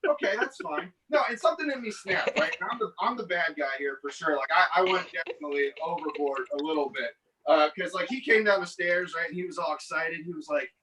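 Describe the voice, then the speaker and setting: Guy doing standup online, high bright voice, sweary rambling story. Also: animated, fast, recorded from a distance, low-quality recording. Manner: rambling, profane, self-mocking. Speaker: stand-up comic. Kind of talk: stand-up set over online stream. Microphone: headset.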